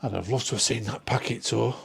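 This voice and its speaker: A man, co-hosting a casual chat show. He reads out viewer shout-outs and chats along. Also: medium pitch, fast talker, creaky, breathy edge. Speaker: co-host.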